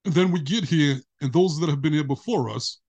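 A middle-aged man chats easily as a podcast guest, his voice husky and sitting a little high for a man. He tells stories expressively and slips into the voices of the people he describes. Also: a little fast. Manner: expressive storytelling, acting out quoted voices. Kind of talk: casual interview conversation.

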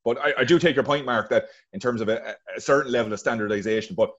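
A man talks quickly through a casual sports chat, tripping over and repeating his words. His voice comes through a dull, muffled call line. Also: mid-range voice. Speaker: panelist on a call. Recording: dull remote call audio.

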